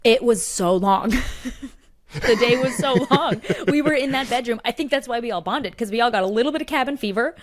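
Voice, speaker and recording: This young adult woman co-hosts a podcast in a fairly high, brisk voice, telling stories in casual conversation. She's chatty and keeps stumbling through fillers and restarts.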